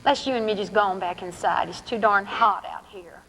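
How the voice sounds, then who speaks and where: A stern, nosy saleslady in tight cowgirl pants, put on by a woman reading aloud, drawling every word with a broad twang. She talks at an ordinary middle pitch, and there is a faint hiss behind her. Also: normal speed, gravelly, a bit bright, in a large hall, rough recording. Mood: softened.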